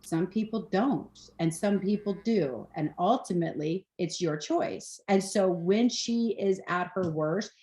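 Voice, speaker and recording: A woman's voice: on the low side, mellow. Frank, swearing woman in her forties. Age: 40s. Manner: frank and emphatic, swears casually, rapid run-on sentences. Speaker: podcast guest. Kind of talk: candid conversational storytelling. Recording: roomy echoey room.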